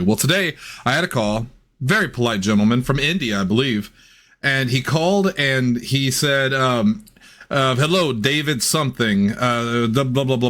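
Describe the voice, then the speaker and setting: A man co-hosting a casual comedy film podcast, telling stories in an animated way and swearing freely. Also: medium pitch. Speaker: podcast co-host.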